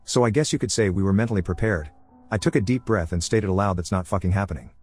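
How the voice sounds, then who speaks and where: Man, story narrator, rapid delivery, husky lowish voice, blunt. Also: a little mellow, soft background music. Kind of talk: reading a first-person reddit story.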